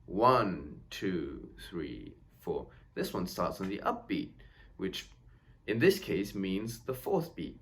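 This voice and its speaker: A man's voice: low-pitched, very animated, slow, a bit bright. A man teaching a violin lesson, counting beats aloud and explaining patiently with encouraging words. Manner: reassuring, encouraging. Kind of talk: step-by-step instrument lesson. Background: violin playing.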